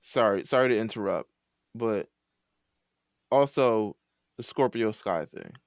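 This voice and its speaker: A man's voice: lowish voice, a little slow, dry recording, studio quality. A man on a casual chat podcast, talking emphatically and repeating his points. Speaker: podcast panelist.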